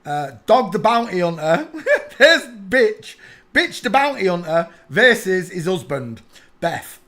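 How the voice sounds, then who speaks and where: A man rants casually in a high voice, mocking and bursting into laughter. His pitch jumps around animatedly, and he repeats short phrases like a chant. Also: very animated, takes it slowly, pushed and bright. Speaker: online commentator. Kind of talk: casual mocking rant over pictures.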